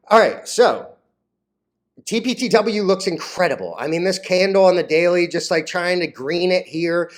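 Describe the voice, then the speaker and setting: A man's voice: high-pitched, expressive, unhurried. A man vlogging about stocks in a crude, rambling casual rant, full of "like" fillers, laughing at his own jokes and getting easily flustered.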